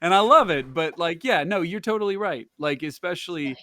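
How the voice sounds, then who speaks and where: Animated man laughing on a gaming podcast. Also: fairly high pitch, fairly quick, no echo, studio quality. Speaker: podcast co-host. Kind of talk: casual gaming chat.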